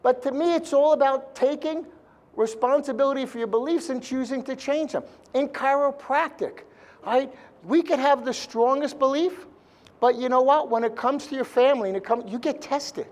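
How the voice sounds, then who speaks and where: A man's voice: very high voice, normal speed, a little mellow. A man speaking live to a seminar audience, blunt and joking, with mild swearing.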